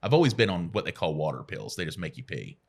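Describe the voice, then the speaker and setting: A man in his forties, a radio guest telling self-deprecating stories in casual chat and acting out quotes with a jump in pitch. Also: big pitch swings, fast, vocal fry. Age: 40s.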